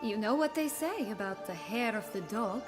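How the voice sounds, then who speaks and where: An actress playing a scheming, exiled princess in a video game, sardonic and teasing. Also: female voice, on the high side, expressive, moderate pace, big-room sound, lightly acted. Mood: mocking. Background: game music.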